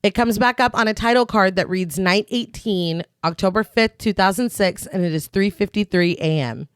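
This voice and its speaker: A woman's voice: mid-range voice, normal speed, clean tone, no echo. Sarcastic woman recapping a plot. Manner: dry, sarcastic asides between plot beats, laughs often. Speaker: podcast co-host recapping the film. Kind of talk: casual chat, narrating a plot recap.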